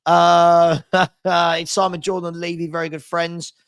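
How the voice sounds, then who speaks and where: A man's voice: on the high side, little pitch movement, quick pace, fairly bright tone. A man hosting a casual live football stream, reading out viewer comments in a rambling, chatty way with frequent restarts.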